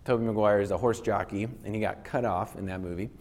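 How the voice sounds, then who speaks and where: A man's voice: fairly low pitch, fairly even intonation, quick pace, darkish tone. A man giving a casual, conversational lecture to a live audience, with frequent restarts and playful bits where he acts out angry voices. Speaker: speaker teaching on anger.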